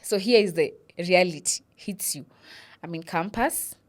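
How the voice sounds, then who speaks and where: Her pitch is fairly low and her delivery unhurried. The speaker, a young Kenyan vlogger with a Kenyan accent, recounts something personal with animation, moving between English and Swahili and performing the quoted lines.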